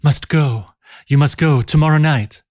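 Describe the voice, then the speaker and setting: A male narrator voicing a quick-witted young woman who speaks urgently and imperiously. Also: mid-range voice, darkish tone, no echo, studio quality, lightly acted.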